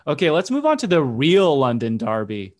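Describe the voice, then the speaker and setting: A man's voice: medium pitch, wildly swooping pitch. A man co-hosting a sports podcast in casual chat, rambling and correcting himself as he goes. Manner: rambling, self-correcting, quick to laugh. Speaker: podcast co-host.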